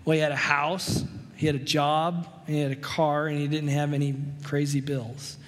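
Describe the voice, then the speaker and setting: Conversational pastor with a slightly high voice. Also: male voice, little pitch movement, in a large hall. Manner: conversational preaching with anecdotes, slows for emphasis. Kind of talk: sermon.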